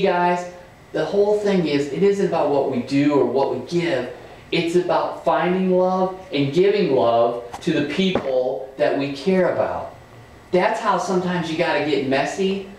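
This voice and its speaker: Animated man telling kids a Bible story. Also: on the high side, a little hiss or hum. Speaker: Sunday school teacher. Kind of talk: children's Bible lesson. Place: church room. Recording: echoey room, far from mic.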